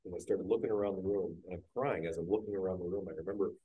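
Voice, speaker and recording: A man, a guest business owner, frankly telling his own story on a podcast panel at a live event, getting animated when he acts out scenes. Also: low voice, rapid-fire, narrow, tinny audio, slight background noise. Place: live industry training event.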